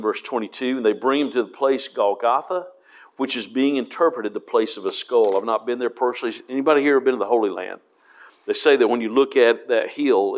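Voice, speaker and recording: A man, a pastor, teaching a Bible study in a conversational way, reading scripture aloud between casual fillers and asides. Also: lowish voice.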